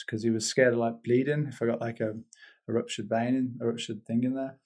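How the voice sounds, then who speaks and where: A man's voice: mid-range voice, flat delivery, brisk, darkish tone. A British man telling a rambling story as a guest in a casual interview, laughing often and restarting his sentences. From Britain. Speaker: guest, paraglider.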